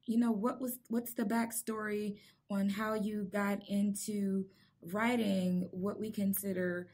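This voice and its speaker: A woman's voice: mid-range voice, little pitch movement, slow. A woman from the Midwest with a Midwestern accent, hosting a casual interview with lots of laughter. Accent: Midwestern American. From American Midwest. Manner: warm, giggly, enthusiastic. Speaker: podcast host.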